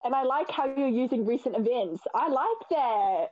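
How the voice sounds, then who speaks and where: A woman's voice: high voice, expressive, normal speed, darkish tone, dull audio. A woman from New Zealand, a guest on a dating game, chatting casually and laughing often. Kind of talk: casual chat.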